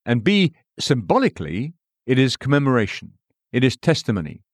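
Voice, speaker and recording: Male narrator for a devotional audiobook, varied lively intonation, dry close sound. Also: mid-range voice, breathy edge, no echo. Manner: measured, quoting scripture and verse references. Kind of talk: scripted devotional reading.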